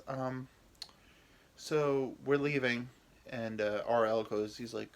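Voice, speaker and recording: A man's voice: mid-range voice, takes it slowly. A young American man, a podcast host, telling a rambling, profane, self-mocking story in a casual comedic way. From United States.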